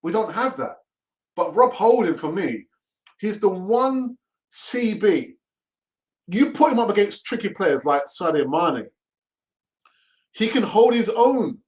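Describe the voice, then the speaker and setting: Brief: middle-aged man, fan-channel host, loose and chatty, a little higher-pitched than most men, laughs easily. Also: very animated, slow pace, long pauses, poor audio. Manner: chatty and laughing, often repeats himself. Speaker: host of a fan live stream. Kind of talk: casual live-stream chat.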